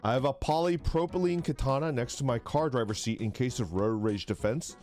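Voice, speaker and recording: A man's voice: brisk, soft background music. A young man streaming and chatting casually, rambling and laughing, sometimes swearing as he tells stories. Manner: rambling, laughing, swearing, acts out voices in a high yell.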